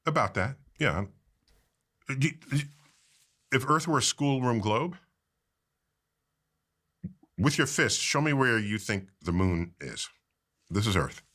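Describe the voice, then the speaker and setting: A man explaining in an interview clip with a bright, forceful voice that swings widely in pitch. He keeps his listener involved by quizzing them as he goes. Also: slow pace, long pauses. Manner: animated, quizzes the host.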